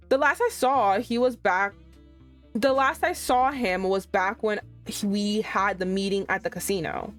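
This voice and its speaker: A young woman streamer reacting loudly and profanely while playing a romance visual novel. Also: mid-range voice, measured pace. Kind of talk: live-streamed gameplay reaction. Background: faint music.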